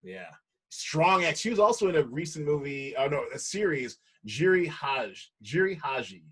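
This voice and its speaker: An American man hosting a podcast, rambling and correcting himself in casual chat, quick to laugh. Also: on the high side, sing-song, fairly bright tone, husky. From United States. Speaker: podcast host.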